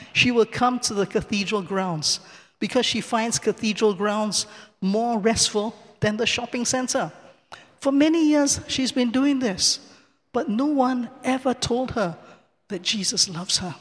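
A man with a very high voice tells a personal faith story from the pulpit. He acts out each exchange and chuckles as he goes. The long echo of a large cathedral hangs behind his words. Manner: lively storyteller who acts out the dialogue and chuckles often. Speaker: church speaker giving testimony. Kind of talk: personal testimony told from the pulpit.

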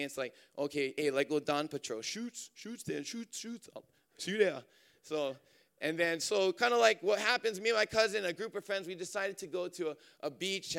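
A man from Hawaii, preaching through a lively personal story with many fillers. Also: a little high, gravelly, clean tone. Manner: animated, chatty, many fillers and restarts. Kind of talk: storytelling sermon.

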